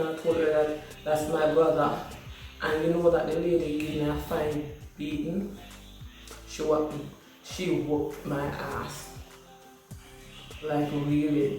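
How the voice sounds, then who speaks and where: A woman's voice: sits low, a little mellow, heavy reverb, far from the mic, rough recording. A woman in her thirties with a Jamaican accent, telling a personal story to her viewers in an earnest, emotional way, sitting in a small room at home. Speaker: vlogger. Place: small hot library room at home, indoors.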